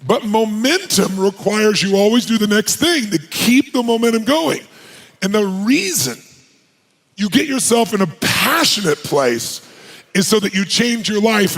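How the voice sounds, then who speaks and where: A man giving a live motivational seminar on a stage before a large audience, energetic, firing rhetorical questions at the crowd and at times shouting to rouse them. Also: sits high. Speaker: motivational speaker.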